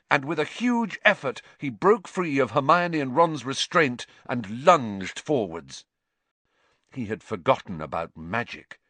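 A man reading a story aloud as narrator, measured and expressive. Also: mid-range voice, no echo. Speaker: audiobook narrator. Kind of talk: scripted narration.

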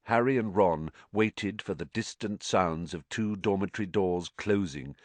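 A man narrating an audiobook in an expressive style, giving each character its own voice. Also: low-pitched, a little slow, no room sound. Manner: expressive, varied character voicing.

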